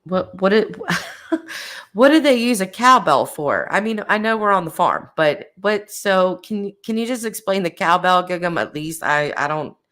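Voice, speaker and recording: A low-voiced woman chats casually on her livestream, talking in a lively, animated way. She breaks into laughter often and reacts freely to her viewers. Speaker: livestream host.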